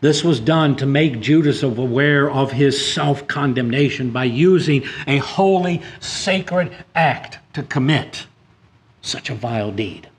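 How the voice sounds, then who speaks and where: Guy preaching a sermon, reads scripture, gets loud and high on the big points, some stumbling restarts. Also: takes it slowly. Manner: reads scripture aloud, rising emphatically on key points.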